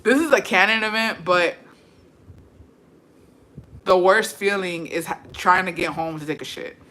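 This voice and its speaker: A woman chats casually on a livestream and reads out viewer comments. Her bright, sharp-edged voice carries brash, profane storytelling, and she mixes English with Spanish as she goes. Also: fairly low pitch, unhurried. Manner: switches between English and Spanish. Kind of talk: casual chat.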